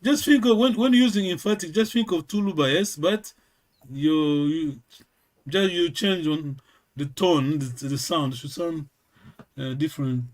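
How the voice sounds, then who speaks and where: Patient man repeating words, slightly high. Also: a little slow. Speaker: language teacher. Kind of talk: online language lesson.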